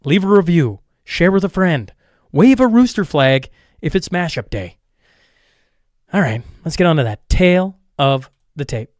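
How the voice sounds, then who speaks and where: A man's voice: on the high side, animated, measured pace, no room sound, studio quality. A man hosting a podcast, reading sponsor spots and event plugs in a rambling, upbeat, casual way. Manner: upbeat, rambling, restarts and self-corrections. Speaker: podcast host. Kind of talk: casual ad reads and show intro.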